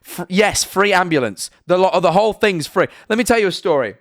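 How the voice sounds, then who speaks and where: A man's voice: sits high, lively intonation, brisk, hardly any pauses, no echo, clean studio sound. Rambling British guy on a stream. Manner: rambling, swearing, emphatic, lots of "right?". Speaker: streamer reacting to videos and chat. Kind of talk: casual live-stream chat.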